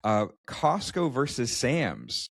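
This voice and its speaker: A man's voice: mid-range voice, huge pitch swings, takes it slowly, gravelly, a bit bright, slightly rough, no room sound. A man co-hosting a podcast, telling a personal story in casual chat with many restarts and stammers. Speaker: podcast co-host.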